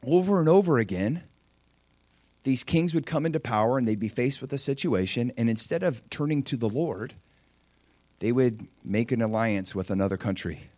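A man's voice: mid-range voice, moderate pace, no echo. Man preaching, dry close sound. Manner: animated preaching, acting out prayers and voices. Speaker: pastor. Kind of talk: sermon.

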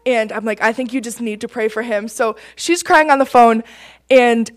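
High-voiced young woman telling a testimony. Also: normal speed. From Michigan, USA. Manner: laughing often, excitable. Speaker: campus ministry team member. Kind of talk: personal testimony storytelling.

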